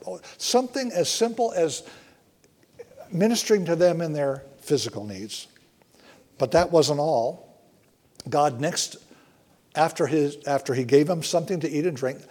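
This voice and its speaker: A man preaching a sermon in an earnest way, often slowing down and dropping to a hush for emphasis. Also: fairly high pitch. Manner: earnest, slows and softens for emphasis. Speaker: pastor.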